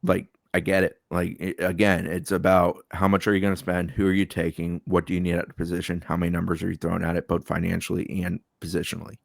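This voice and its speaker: A man on a sports podcast panel, talking casually and explaining his points in a measured, detailed way. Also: low-pitched, flat delivery, gravelly, no room sound, studio quality.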